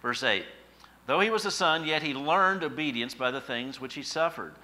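A man's voice: mid-range voice, moderate pace, pushed and bright. A man preaching a sermon in a conversational way that rises to emphatic peaks, reading scripture and explaining it. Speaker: pastor.

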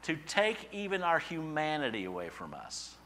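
A man preaching a sermon, building to loud emphatic peaks and falling to quiet asides. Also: on the high side, wildly swooping pitch, normal speed, a little hiss or hum. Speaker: pastor.

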